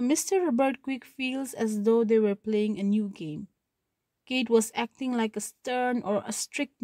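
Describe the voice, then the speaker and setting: Brief: woman teacher, higher-pitched voice, reads then retells a story for students. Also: a little mellow, dry recording. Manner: reads a passage then paraphrases it, with checking "okay". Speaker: literature teacher. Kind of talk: reading a story aloud and explaining it.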